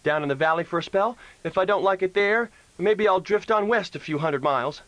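A man voicing a restless young ranch son in a western audiobook, curt and gruff. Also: high voice, fairly quick, fairly bright tone, dry recording, pitched above the performer's own voice. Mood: impatient.

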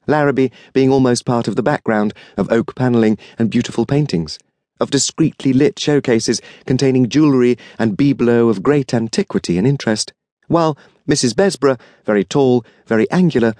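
A man narrating an audiobook mystery with expressive, varied storytelling. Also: mid-range voice, brisk, dry recording. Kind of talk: scripted narration.

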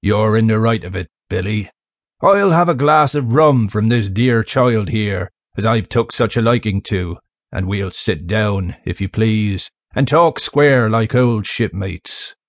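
A man voicing a menacing, wheedling pirate with a fawning, sneering manner in an audiobook, speaking low and hushed. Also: measured pace, no echo. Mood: sly. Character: menacing wheedling male pirate, missing fingers. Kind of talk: audiobook character voice. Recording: dry close studio sound.

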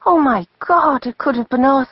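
A woman's voice: fairly high pitch, normal speed, no room sound, muffled recording, voice pushed up, lightly acted. A woman voicing a young woman tourist in an audiobook, dismayed and breathless. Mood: shocked.

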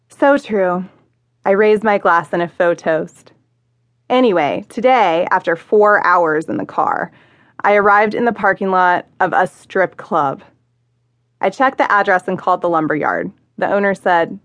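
A woman reading her own memoir as an audiobook, wry and self-mocking, with lively dialogue. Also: medium pitch, normal speed, dry recording. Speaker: author narrating her memoir. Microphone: close studio mic.

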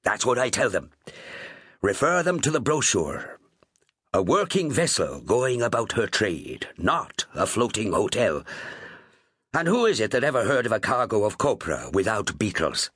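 A man's voice: on the low side, very animated, normal speed, a bit bright, slightly rough, no echo, clean studio sound, heavily acted. A man voicing a jovial, rambling Irish sea captain in an audiobook, with an Irish accent and a teasing manner. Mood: amused. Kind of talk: audiobook character voice.

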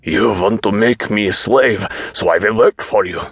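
A man voicing a delusional older man who calls himself a king, speaking in slow, emphatic, agitated pronouncements. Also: low-pitched, fairly bright tone, slightly rough, no echo, clean studio sound, full character voice. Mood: accusing.

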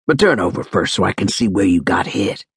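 A man voicing a calm, curt male army medic who speaks low and evenly. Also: fairly quick, husky, no room sound, studio quality, exaggerated voice.

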